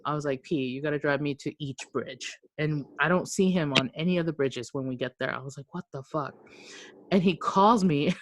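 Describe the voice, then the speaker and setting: A woman with a deep, low-pitched voice tells a long story as a podcast co-host. She talks casually and with energy, swears freely, and acts out what each person said. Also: moderate pace, background noise. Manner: animated, acts out quoted speech, swears freely.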